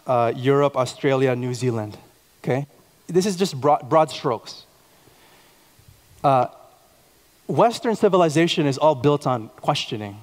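A male pastor in his thirties delivers a sermon in a church sanctuary. His voice sits a little high, and he tells stories, repeating words and asking pointed questions. The sound rings with the long reverb of a large hall. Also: a little mellow.

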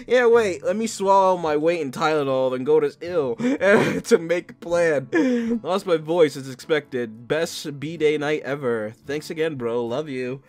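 A man's voice: fairly high pitch, animated, a little slow, darkish tone, soft background music. A man doing casual let's-play commentary, reading text messages aloud, laughing often and swearing freely. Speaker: gaming YouTuber.

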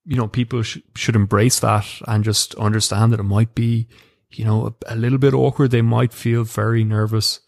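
A man's voice: lowish voice, little pitch movement, moderate pace, gravelly, darkish tone, dry recording, clean studio sound. A man with an Irish accent hosting a podcast interview, hesitant, restarting phrases and summing up his guest's points. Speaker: podcast host.

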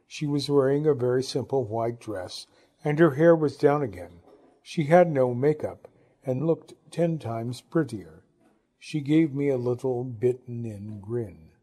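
A man narrating a literary novel as an audiobook, measured and reflective. His voice sits at a middle pitch and sounds mellow and warm, with a husky edge. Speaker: audiobook reader.

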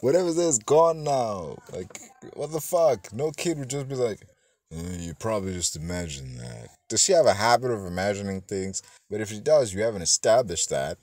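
A man's voice: mid-range voice, animated, moderate pace, darkish tone, no room sound. A man giving a rambling, profane, casual movie review, full of fillers and self-corrections, acting out bits of dialogue as he goes. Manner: acts out characters' lines in snippets.

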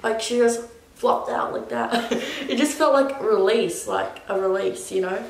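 A woman's voice: mid-range voice, a little slow, gravelly. A young woman casually telling a personal story as a vlogger, rambling with lots of "like". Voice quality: rambling, full of "like". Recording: echoey room.

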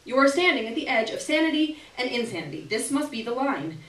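A woman's voice: high-pitched, sing-song, fairly quick, a bit bright. A woman giving a dramatic live reading of a story in the second person. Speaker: reader. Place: stage in a hall. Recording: echoey hall from far off.

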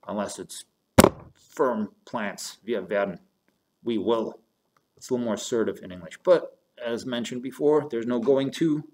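A man with a fairly low, somewhat mellow voice records a German grammar lesson, alternating German and English phrases one step at a time. He refers to his students as "you guys."

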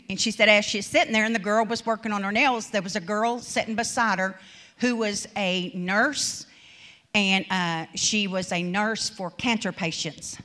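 A woman's voice: mid-range voice, fairly bright tone. A woman preacher giving a sermon in a conversational, storytelling manner, often acting out quoted speech.

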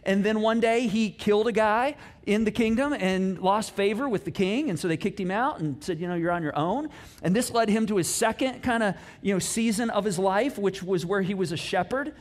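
A middle-aged pastor preaches in a relaxed, chatty way, leaning into the story with jokes and asides. His man's voice sits high, and it swings from loud emphasis to near-quiet musing. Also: moderate pace. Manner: animated storytelling with playful asides, wide swings in pitch and loudness. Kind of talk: casual conversational sermon.

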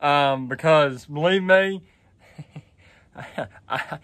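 A man's voice: a little high, drawn-out words, fairly bright tone, no echo. A young man telling a story in a casual vlog, rambling and laughing at himself. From West Virginia. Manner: rambling, laughs through the story, self-deprecating. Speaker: vlogger. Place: barn out of the wind.

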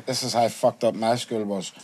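A man's voice: lowish voice, moderate pace. A man guesting on a casual podcast, telling school stories with lots of swearing and acted-out voices. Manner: animated storytelling, swears freely, acts out quoted voices.

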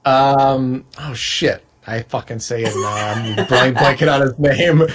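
A man's voice: medium pitch, takes it slowly, crowd noise. A young man co-hosting a podcast, chatting casually and explaining ideas in an easygoing way. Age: young adult. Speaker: podcast co-host. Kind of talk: casual comedic chat.

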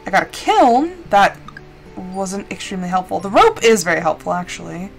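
A woman's voice: mid-range voice, big pitch swings, moderate pace, creaky, faint music behind. A woman streamer chatting casually while playing a game, rambling with lots of filler words. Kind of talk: casual gameplay chat.

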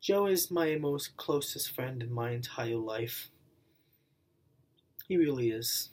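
Breathy young man with a wavering, earnest voice. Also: medium pitch, animated, takes it slowly, a little mellow. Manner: earnest and repetitive, circling back to the same phrases. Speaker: channel owner. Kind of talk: heartfelt thank-you vlog to camera.

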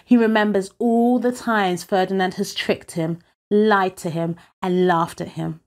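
Unhurried, expressive woman storyteller. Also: medium pitch. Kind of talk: reading a picture book aloud.

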